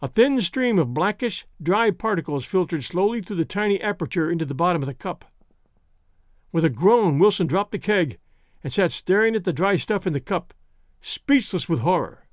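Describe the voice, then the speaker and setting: A man narrating an audiobook in a steady, measured storytelling manner. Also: sits high, no room sound, clean studio sound.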